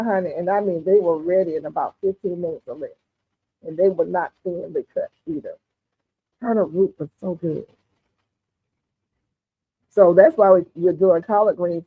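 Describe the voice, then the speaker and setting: A woman with a lowish, slightly rough voice hosts a gardening livestream, chatting with viewers in a folksy way and calling them honey and darling. The recording is dry, with tinny, phone-like audio.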